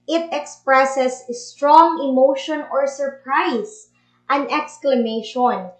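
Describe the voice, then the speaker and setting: A woman teaching a grammar review lesson, explaining step by step with Tagalog asides. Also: high voice. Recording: echoey room.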